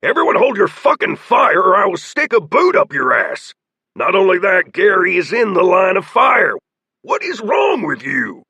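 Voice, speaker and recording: A man voicing a stern, commanding bearded gang leader who barks orders and shouts, in a dry, husky audiobook read. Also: medium pitch, big pitch swings, a little slow, dry recording, exaggerated voice.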